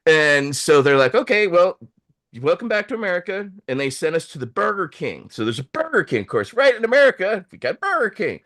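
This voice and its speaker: A male host tells a long story in a casual, animated way, acting out the voices of the people he quotes. His voice is a little high, and he talks briskly with few pauses.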